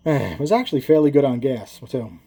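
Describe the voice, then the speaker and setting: A man's voice: mid-range voice, lively intonation, normal speed, dark tone, slightly rough. A man who builds engines, explaining his work in casual, rambling shop talk that wanders into stories, with frequent self-corrections and chuckles.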